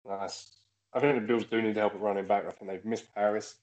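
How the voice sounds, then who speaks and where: A man's voice: fairly low pitch, steady tone, brisk, darkish tone, low-quality recording. A tipsy man co-hosting a podcast, chatting casually and teasing his co-hosts. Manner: joking, teasing. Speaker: podcast co-host. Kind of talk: casual sports chat.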